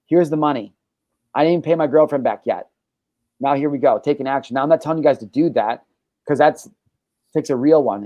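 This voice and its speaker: A man's voice: medium pitch, mellow, no echo. A man hosting a casual podcast, talking in a brash, boastful and profane way. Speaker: podcast host.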